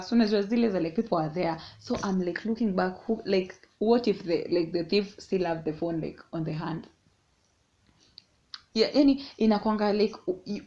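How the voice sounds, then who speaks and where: Animated young woman storyteller. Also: mid-range voice, normal speed. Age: young adult. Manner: animated, mixes English and Swahili. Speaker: vlogger. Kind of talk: casual storytime. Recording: dull lo-fi sound.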